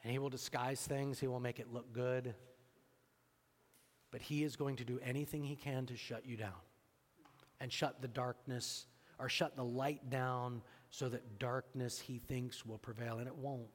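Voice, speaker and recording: A man preaching from the pulpit, his voice carrying with a long reverb through the church. He tells a story with lively quoted dialogue at a middle pitch, then moves into earnest, quiet exhortation. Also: a little slow. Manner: storytelling, acting out both sides of a dialogue. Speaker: pastor. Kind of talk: sermon.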